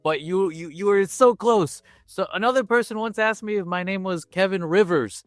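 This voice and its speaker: A man's voice: sits high, moderate pace, dry recording, studio quality, faint music behind. A man from Puerto Rico, a voice actor guest on a podcast, friendly and upbeat, laughing easily. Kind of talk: casual interview chat.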